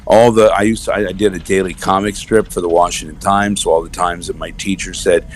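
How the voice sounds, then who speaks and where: Deep-voiced man in easygoing interview. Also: slight background noise. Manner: animated storyteller, slips into quick character voices. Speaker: voice actor guest. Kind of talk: casual interview chat.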